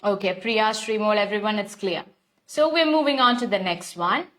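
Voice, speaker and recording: A woman's voice: mid-range voice, normal speed, fairly bright tone. A young woman with an Indian English accent teaching an online English class, explaining steps at length and greeting viewers by name. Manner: repetitive, instructive, addresses viewers by name. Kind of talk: live online lesson.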